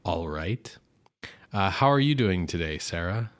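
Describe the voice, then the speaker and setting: A man chats casually as a podcast co-host, his nose clearly stuffed up. He keeps his voice pitched very deep and takes his time over each phrase. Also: animated, a little slow. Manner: talks low to hide a stuffed nose. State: stuffed up, congested.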